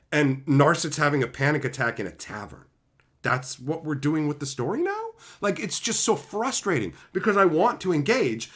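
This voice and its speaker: Heated, swearing man with a lively pitch. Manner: heated, sarcastic, swears constantly; mocking voices of imagined critics. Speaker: channel host. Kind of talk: profane opinion rant.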